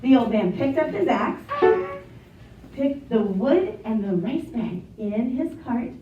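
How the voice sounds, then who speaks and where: A woman telling a children's story in an animated way, inviting the children to join in. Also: on the high side, takes it slowly. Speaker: storyteller and teacher. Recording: echoey, distant, dull, piano behind.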